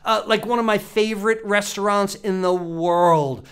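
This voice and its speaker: A man's voice: sits high, steady tone, moderate pace, fairly bright tone, smooth. A man teaching cooking in a casual, chatty way, asking the viewer questions and laughing often. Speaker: cooking instructor. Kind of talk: casual teaching talk to camera.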